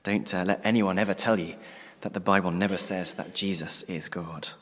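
Male preacher, low-pitched, earnest and emphatic, sermon delivery in a reverberant church hall. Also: fairly even intonation, normal speed, a bit bright. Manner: earnest, emphatic, drops to a near-whisper at ends of phrases. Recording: long reverb of a large hall.

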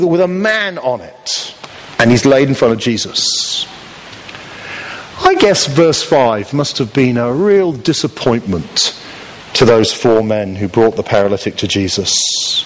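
A man preaches a sermon in a lively, swooping voice that sits a little high for a man. He tells the story with humour and acts out little voices along the way. A long reverb hangs behind him, as in a big hall.

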